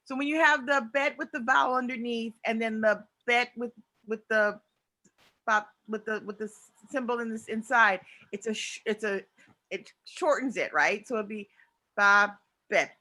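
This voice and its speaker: A woman's voice: on the high side, normal speed, sharp tone. A woman student asking a hesitant question in an online class, searching for her words.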